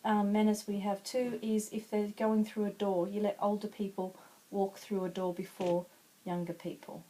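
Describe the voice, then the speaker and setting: A woman's voice: medium pitch, flat delivery, normal speed, warm tone, lightly acted, poor audio. A woman voicing a helpful shopkeeper who patiently explains good manners. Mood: explaining.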